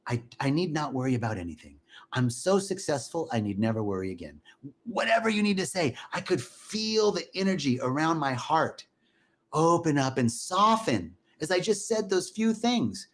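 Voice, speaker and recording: A man's voice: on the high side, sing-song, normal speed. A man giving an inspirational spiritual talk, earnestly repeating affirmations aloud and adding folksy, joking asides. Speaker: spiritual teacher.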